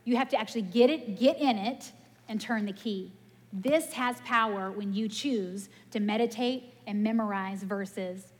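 A woman giving a casual, animated sermon in a church, telling stories and laughing at herself. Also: medium pitch. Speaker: preacher. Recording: long hall reverb.

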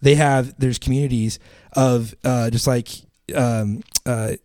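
This podcast co-host is a man with a medium-pitched, steady, slightly slow and slightly mellow voice. He rambles through casual chat, full of fillers and frequent laughter. The recording is dry, with clean studio sound.

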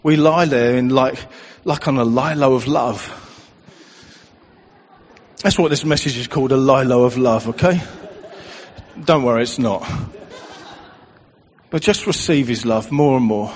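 A man preaching an emotional sermon in a church hall, speaking softly and lingering on repeated phrases. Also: mid-range voice, moderate pace, pauses often. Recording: long hall reverb.

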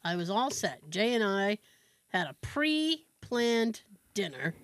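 A woman's voice: medium pitch, sing-song, slow pace, no echo. A woman co-hosting a podcast in casual chat, telling a long story with lots of restarts. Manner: rambling storyteller, trails off and restarts. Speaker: podcast co-host.

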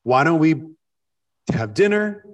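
A man telling a story plays a wealthy male nobleman with a soothing, hospitable manner. He keeps his patience, and his voice is fairly high. The recording is made from a distance. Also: big pitch swings, slow.

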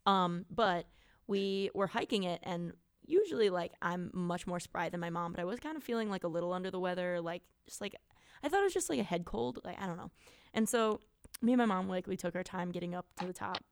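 A woman's voice: lowish voice, fairly quick, clean tone, no echo, studio quality. A young woman from Wisconsin, co-hosting a podcast and telling a story in casual chat with many fillers. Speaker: podcast co-host. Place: small home studio. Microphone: good studio mic.

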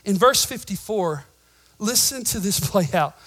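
A high, bright-voiced pastor preaching. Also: male voice, animated, a little slow, poor audio. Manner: emphatic preaching that swings between shouts and quiet asides; jokes with the congregation. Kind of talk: sermon. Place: church.

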